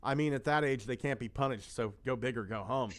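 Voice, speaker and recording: A man's voice: medium pitch, fairly quick. A man co-hosting a casual podcast, reading out song lyrics and viewer comments and swearing freely. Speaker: co-host.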